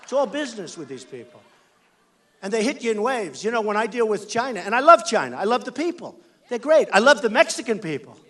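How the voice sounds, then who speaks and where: With a high, sing-song, bright voice and a forceful tone, an American political candidate speaks briskly at a campaign rally. The speech is emphatic and repetitive, given on a stage microphone in a large indoor venue.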